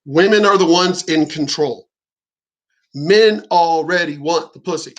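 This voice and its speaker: Man, higher voice, profane, blunt, casual reaction talk, storytelling. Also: unhurried, poor audio. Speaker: commentator reacting to clips.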